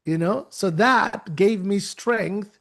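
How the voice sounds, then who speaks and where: A man from Uganda giving a lively, preacher-like motivational talk, often repeating his phrases. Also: sits high, slow pace. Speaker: speaker at a youth talk.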